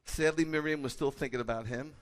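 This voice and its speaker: Animated man preaching in a reverberant hall. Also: fairly high pitch, brisk. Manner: animated, rising to loud emphatic peaks. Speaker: rabbi. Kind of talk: sermon.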